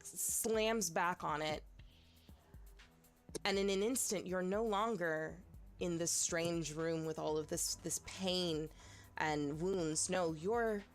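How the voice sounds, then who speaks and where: Brief: woman game master, low voice, slow hesitant narration, faint music underneath. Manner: hesitant, many fillers, second-person narration. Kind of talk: narrating a tabletop horror game.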